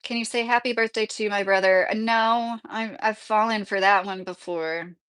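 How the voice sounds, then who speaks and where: A woman's voice: mid-range voice, steady tone, normal speed, fairly bright tone, clear, resonant tone. Chatty woman hosting a livestream. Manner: chatty, laughs often, reads chat aloud. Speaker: YouTube livestream host. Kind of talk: casual livestream chat reading comments.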